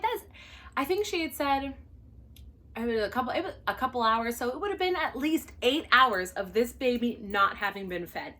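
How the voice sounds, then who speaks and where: A young adult woman, a flight attendant, telling a work story in a casual vlog, animated and exasperated, with sudden loud bursts of disbelief. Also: mid-range voice, moderate pace.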